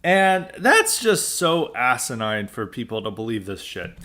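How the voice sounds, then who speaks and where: Sharp-toned and very animated, though a little slow, this medium-pitched American man hosts a podcast. His political commentary comes as an emphatic, sarcastic monologue, and he often starts sentences over.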